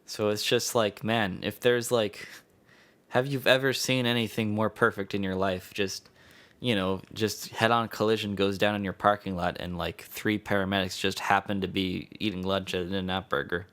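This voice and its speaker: A man's voice: on the low side, flat delivery, normal speed, fairly bright tone. A man hosting his own podcast, telling a story in a loose, meandering, profane way with chuckles. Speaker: podcast host. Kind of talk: rambling casual storytelling.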